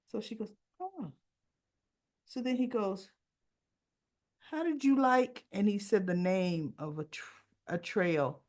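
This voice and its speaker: A woman's voice: on the high side, a little mellow. A woman hosting a casual soap opera recap, chatting and acting out the characters' lines with asides.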